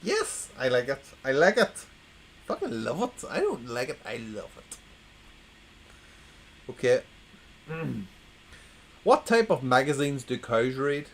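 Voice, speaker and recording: Slow, wry man reading dad jokes. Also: mid-range voice, huge pitch swings, a little hiss or hum, rough recording. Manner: wry, plays to a quiet chat, repeats punchlines. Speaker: livestream host. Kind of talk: casual livestream, reading jokes to chat.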